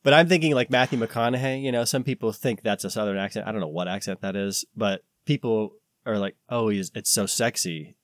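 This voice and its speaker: American man, podcast co-host, low voice, meandering casual chat. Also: steady tone, quick pace, hardly any pauses, no room sound. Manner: rambling, searching for words with many fillers.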